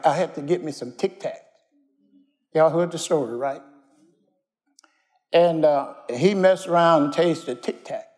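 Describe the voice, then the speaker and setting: A man preaching a sermon as pastor, telling plainspoken stories in everyday slang and asking the congregation to call back answers. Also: a little high. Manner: folksy, call-and-response preaching.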